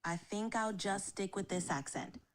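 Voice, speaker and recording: Polite synthetic woman, AI assistant, even and agreeable replies. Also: mid-range voice, moderate pace, a little hiss or hum. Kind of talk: chatbot replies, polite and scripted.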